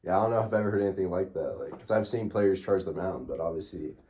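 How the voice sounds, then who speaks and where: A young man asks questions in a casual interview, hesitating over his words. His voice is very low and mellow. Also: fast. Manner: hesitant, fills gaps with uh and short replies.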